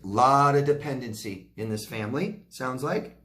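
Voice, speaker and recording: A man's voice: medium pitch, lively intonation, normal speed, a bit bright. A man answering viewer questions as a recovery coach, talking directly and reassuringly and often checking in with "okay?". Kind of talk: casual Q&A advice talk.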